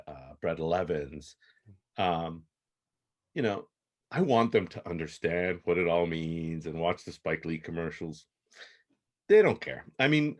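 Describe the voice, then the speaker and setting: A man, telling stories as a podcast guest in an animated way, chuckling often. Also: deep voice. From Toronto, Canada. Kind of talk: casual storytelling interview.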